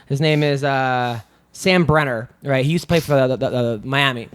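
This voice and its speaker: A man's voice: medium pitch, moderate pace, smooth. A man in his thirties telling long, profane stories on a podcast, rambling and restarting often. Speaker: podcast co-host. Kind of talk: casual storytelling chat.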